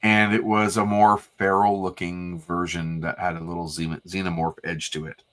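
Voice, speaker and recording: A man's voice: low-pitched, little pitch movement, normal speed, a bit bright. A man co-hosting a comics livestream in casual chat, rambling and searching for words. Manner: rambling, hesitant, fillers. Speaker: livestream co-host.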